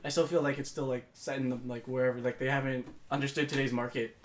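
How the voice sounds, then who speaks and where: A man's voice: medium pitch, little pitch movement, fast, a little hiss or hum. A young man co-hosting a casual podcast chat, laughing and joking, often mimicking lines. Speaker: podcast co-host.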